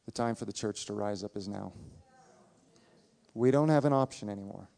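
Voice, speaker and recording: A man's voice: on the low side, moderate pace, vocal fry, mellow. A man preaching a sermon as a pastor, earnest and emphatic, repeating his points for weight. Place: church sanctuary. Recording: reverberant church hall.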